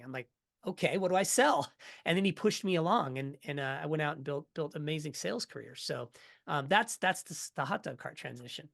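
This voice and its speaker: Energetic man telling a story. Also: on the high side, fairly quick, gravelly. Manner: energetic, animated storyteller who acts out quotes. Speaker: podcast guest. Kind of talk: storytelling in a casual interview.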